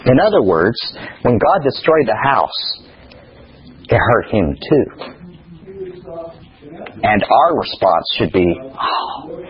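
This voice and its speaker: Low-voiced man teaching a study class. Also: sing-song, slow pace, pauses often, dull audio. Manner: reads a text aloud, then asks the class rhetorical questions.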